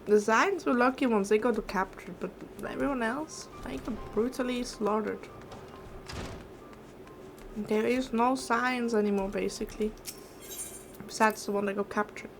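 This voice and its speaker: A woman streamer gives casual commentary over gameplay. She talks slowly and emotionally, circling back to the same words. Her voice sits a little high, with faint music underneath. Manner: emotional, slow, repeats herself.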